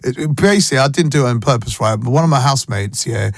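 A man's voice: mid-range voice, animated, quick pace, slight background noise. A young man, chatting casually as a radio host and telling stories in a slangy way. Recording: music bed behind voice.

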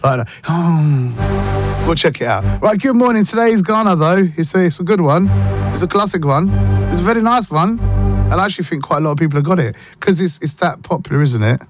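Chatty radio host over music. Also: male voice, on the high side. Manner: chatty, joking, animated banter. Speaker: radio breakfast show host. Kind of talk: casual radio chat. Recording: music bed behind the voice.

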